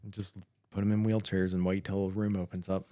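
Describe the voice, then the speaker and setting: A man co-hosting a podcast about emergency medical work, telling stories with dark jokes and laughing often. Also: sits low, little pitch movement, a little fast, no echo, clean studio sound. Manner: joking, laughs at his own dark humor. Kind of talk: casual chat.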